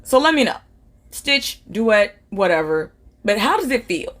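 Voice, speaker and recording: A woman's voice: mid-range voice, sing-song, a little slow, a bit bright. A woman talking conversationally to camera, posing a question to her viewers. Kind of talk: social media video question.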